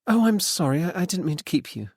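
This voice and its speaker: A man reading an audiobook, voicing a wary young woman who turns clipped and sharp when challenged. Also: on the high side, big pitch swings, quick pace, breathy edge, dry recording, clean studio sound, voice pushed up, exaggerated voice. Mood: flustered.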